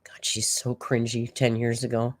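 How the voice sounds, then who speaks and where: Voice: medium pitch, completely flat delivery, normal speed. A speaker giving casual reaction commentary on an old clip, sarcastic and exasperated. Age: older than the clip's audience.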